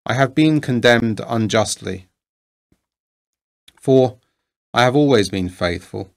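A man's voice: medium pitch, lively intonation, takes it slowly, gravelly. Man reading as a solemn, faithful old servant. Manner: solemn, formal old-fashioned speech. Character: loyal male servant, solemn and steadfast.

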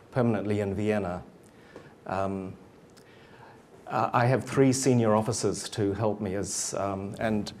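A middle-aged man with a New Zealand accent giving a formal lecture to students, measured and steady with frequent um fillers. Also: lowish voice, slight background noise. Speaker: guest lecturer.

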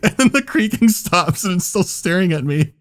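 A man's voice: high voice, expressive, normal speed. A man on a podcast telling a story in casual chat, laughing often and swearing as he goes. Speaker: podcast co-host.

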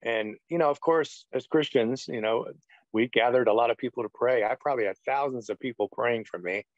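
A middle-aged man, once a pastor, tells his testimony in an earnest, meandering way, leaning on "you know" between thoughts. His pitch sits in an ordinary male middle range. The sound is dry and dull, like a lo-fi recording. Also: brisk, no echo. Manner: earnest, rambling storyteller full of "you know". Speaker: retired pastor, interview guest. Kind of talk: personal testimony in a podcast interview.

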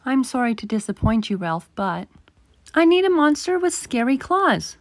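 A woman's voice: high voice, big pitch swings, moderate pace, no echo, voice pushed up. A woman voicing a fussy, earnest young boy talking to monsters at bedtime.

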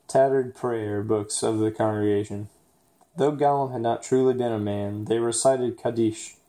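A man reading a picture book aloud for an assignment, steady in the story and hesitant with fillers when he poses questions. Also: mid-range voice. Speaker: student reader.

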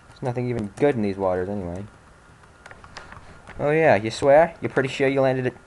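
This young man's mid-range, darkish voice is animated and brisk, broken by frequent pauses. He's commentating his own gameplay in a casual let's-play, irritable and angry, muttering complaints and cursing as things go wrong.

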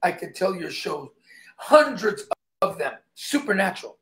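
A man's voice: high voice, sing-song, unhurried, vocal fry, noisy background. A man who is a stuntman, guesting on an interview and telling emphatic stories in which he acts out the dialogue.

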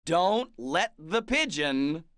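Friendly cartoon bus driver, slow, super swoopy, dry close sound, asks stuff n praises. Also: female voice, lowish voice, very animated, dry recording. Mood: encouraging. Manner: coaxing, asks questions and praises. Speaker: game guide prompting the player. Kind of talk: children's game prompts.

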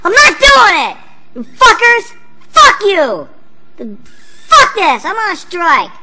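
A woman voicing a hyperactive, taunting, foul-mouthed cartoon character who talks in rapid, mocking, sing-song jabs. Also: mid-range voice, expressive, a bit bright, a little hiss or hum, close to an everyday voice. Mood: furious. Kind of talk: cartoon voice acting.

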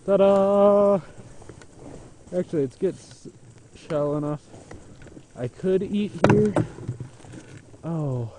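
A man filming himself skiing a steep slope, chatting in a casual, self-mocking, excitable way. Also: fairly high pitch, slow, pauses often, noisy background. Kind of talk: casual self-filmed commentary. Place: outdoors on a steep ski slope.

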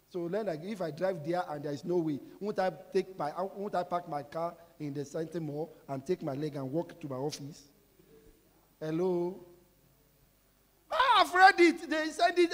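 A man preaching a sermon as pastor, asking the congregation questions and breaking into sudden shouts. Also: sits high. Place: large church hall. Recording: reverberant hall with music behind.

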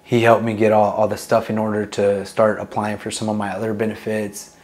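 A man's voice: on the low side, completely flat delivery, a little fast, darkish tone. A young man, a Marine veteran, talks candidly about his past in a casual interview, swearing freely and filling his speech with "like" and "dude". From Long Beach, California. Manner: candid, profane, many fillers like "like" and "dude".

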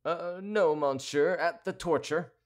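A man voicing a sly, composed townsman who speaks politely and in a measured, teasing way. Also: on the high side, voice pushed up.

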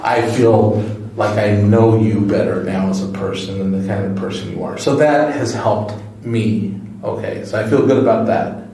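A man's voice: lowish voice, fairly even intonation, moderate pace, mellow, slight background noise. A man questioning a suspect as a detective, firm and persuasive, often checking in with "okay?". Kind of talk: police interrogation. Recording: echoey room from far off.

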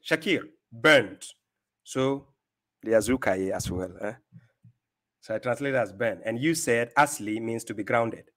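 A man from Ghana hosting a mocking rebuttal, taunting and laughing at the speaker in the clip he plays. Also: medium pitch. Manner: scornful, taunting, laughs at his opponent. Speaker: host reacting to a clip.

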